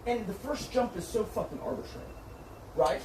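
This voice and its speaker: In a heated argument, a man who is a streamer's manager berates, lectures and curses while pushing his own point. His voice sits high with lively intonation and a darkish tone, at normal speed. The audio comes from a distance in an echoey room, with faint noise.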